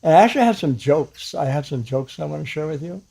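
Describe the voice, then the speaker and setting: A man giving a casual spiritual talk to camera as a Christian teacher, halting with many fillers and restarts and soft chuckles. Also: fairly high pitch, expressive, creaky, slightly rough.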